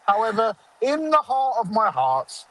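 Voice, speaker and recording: A man hosts a casual football fan chat in a high voice. He is sarcastic and mocking, grumbling about his own side with a joking edge. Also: very animated, a little slow, a bit bright, poor audio. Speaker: fan show host.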